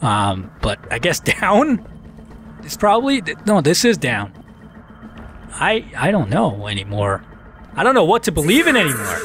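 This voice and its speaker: A man's voice: a little high, fairly bright tone. A man giving casual, self-mocking commentary while playing a shooter game, talking back to the enemies on screen. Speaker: let's play commentator.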